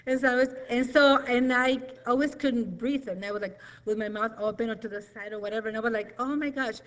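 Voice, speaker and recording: A woman's voice: a little high, fairly even intonation, fast, rough recording. A middle-aged woman giving a nervous, rambling, emotional personal testimony in church.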